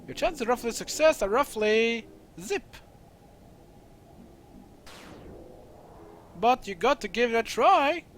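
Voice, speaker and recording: A man voicing an excitable older male scientist, reading game dialogue aloud and calculating out loud. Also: very high voice, normal speed, a little hiss or hum, pitched above the performer's own voice. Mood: musing.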